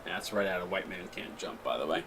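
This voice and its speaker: A man hosting a live stream, mixing casual chat with excited play-by-play calls. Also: deep voice, a little fast, background noise. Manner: chatty, jokey, breaks into excited shot calls. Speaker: play-by-play commentator and stream host.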